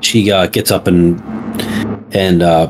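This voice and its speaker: A man narrating a tabletop game as game master, in slow, halting narration with many fillers. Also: sits low, fairly even intonation, very noisy. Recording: background music.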